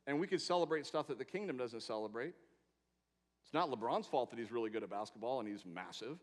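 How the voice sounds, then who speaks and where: A man preaching a sermon, swinging between loud emphatic proclamations and quiet asides, with rhetorical questions and long lists. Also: mid-range voice, animated, fast talker. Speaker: pastor. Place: church sanctuary. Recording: long hall reverb in a church.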